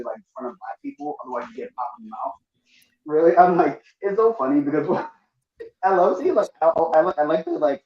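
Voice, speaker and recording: A man's voice: a little high, darkish tone. Chatty man on a dull, roomy mic. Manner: loose, chatty storytelling. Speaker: panelist on a live stream. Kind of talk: casual group chat.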